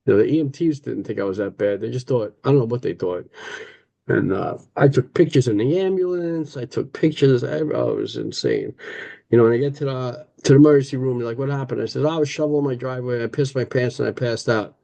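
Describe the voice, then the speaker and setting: A man's voice: mid-range voice, fairly quick, gravelly, warm tone. Wisecracking middle-aged New York man. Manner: wisecracking storyteller acting out dialogue. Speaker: recovery meeting speaker. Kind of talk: personal recovery story at a meeting.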